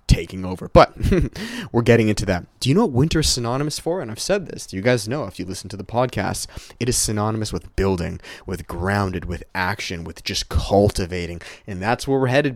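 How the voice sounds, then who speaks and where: A man's voice: lowish voice, dry recording. A young man hosting a solo podcast, giving a hyped, swearing motivational pep talk and sounding a little heated. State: a little heated, catching his breath. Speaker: podcast host.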